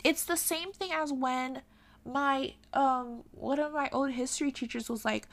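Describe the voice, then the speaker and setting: A woman vlogger speaks her mind to camera in a candid, emphatic way, stumbling over ums and restarts as she goes. Her voice sits a little high and carries a gravelly fry, and she takes her time with each phrase. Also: measured pace, a bit bright. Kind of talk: opinionated commentary to camera.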